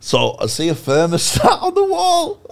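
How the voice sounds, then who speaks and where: Man, gravelly, lively swings in pitch, sweary, self-mocking, laughing storyteller. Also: normal speed, a little hiss or hum. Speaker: podcast co-host. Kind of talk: casual storytelling chat.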